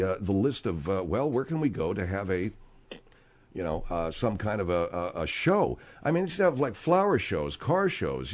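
A man in his sixties hosts a radio show. He talks in loose, rambling stretches with a sardonic, joking edge. His pitch swings widely, rising high when he argues and dropping low when he muses. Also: darkish tone. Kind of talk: casual radio banter.

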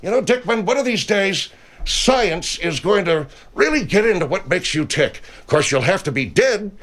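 A sardonic old general with a gruff, blunt bark, as a radio host puts him on. He pitches high with a lively swing and lands dry, biting jabs. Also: moderate pace, full character voice. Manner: blunt, dry insulting wit.

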